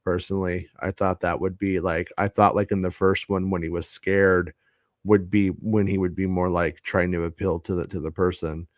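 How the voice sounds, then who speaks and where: A man's voice: low-pitched, level tone, moderate pace, no room sound, clean studio sound. A man hosting a casual chat show, talking in a hesitant way with many restarts and fillers. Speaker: podcast host.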